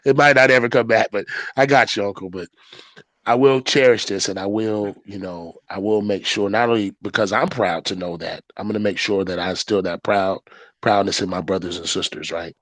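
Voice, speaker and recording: A man being interviewed as a podcast guest, telling a personal story in casual talk. He jumps between low, mumbled asides and loud, excited quotes, with a lot of slang and "right?" and "you know" tags. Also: brisk, dry recording.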